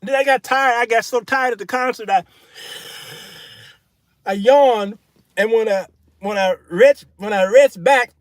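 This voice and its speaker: A middle-aged man hosting his own show in a solo monologue, turning from preachy sermonizing to folksy comic storytelling with shouted punchlines. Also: extremely high pitch, measured pace, no room sound, studio quality. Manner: folksy, casual speech. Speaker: show host.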